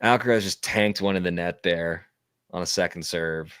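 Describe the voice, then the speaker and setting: A man's voice: deep voice, a bit bright, clean tone, no echo, studio quality. A man co-hosting a live tennis watchalong, commenting casually and playfully riffing with his co-host. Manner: playful, jokey, quick to riff.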